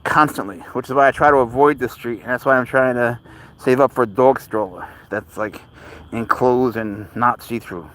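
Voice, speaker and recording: A man's voice: medium pitch, steady tone, normal speed, a bit bright, rough recording. A man hosting a casual live stream with his pet cat, reading viewers' comments and chatting in a rambling, easygoing way, sometimes slipping into baby talk.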